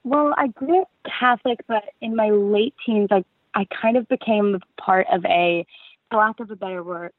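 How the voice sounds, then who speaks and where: A woman's voice: medium pitch, normal speed, no room sound. A young woman from Texas calls in over a thin, tinny phone line. She speaks hesitantly, with fillers and nervous laughs, and her voice sounds dry and close. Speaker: caller.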